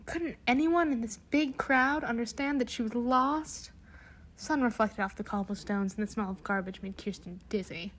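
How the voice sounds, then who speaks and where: Young woman reading a kids' book out loud, sarcastic little comments, says omg and btw. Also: fairly high pitch, normal speed. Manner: sarcastic asides, slang abbreviations. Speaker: reader. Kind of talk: casual read-aloud of a children's book.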